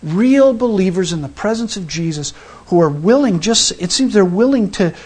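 High-voiced man preaching conversationally. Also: animated, moderate pace, a little mellow, breathy edge. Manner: conversational, acts out the people in the story; frequent restarts and fillers. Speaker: pastor. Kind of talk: sermon.

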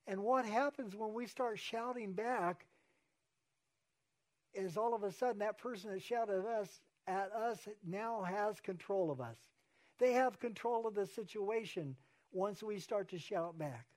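A man's voice: sits high, measured pace, darkish tone. A man, a pastor, preaching an earnest sermon and repeating key phrases for emphasis.

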